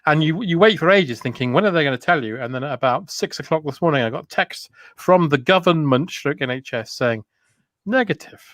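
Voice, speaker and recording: A British man chats on a video call, cracking teasing jokes in quick banter. His voice sits a little high. It sounds close and dry, with no room around it. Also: lively intonation, fairly bright tone, dry recording. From Britain. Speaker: podcast co-host. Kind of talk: casual chat over a video call.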